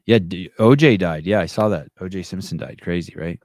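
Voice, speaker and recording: A man's voice: sits low, a little fast, darkish tone, no room sound, studio quality. A man hosting a podcast livestream in a rambling, wry way, swearing freely. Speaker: podcast host. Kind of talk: casual livestream chat.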